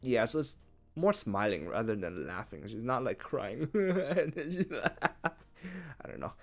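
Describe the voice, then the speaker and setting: A man working through a translation out loud in a casual, chatty way, thinking as he goes. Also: medium pitch, big pitch swings, a little slow, gravelly. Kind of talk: casual live-translation commentary.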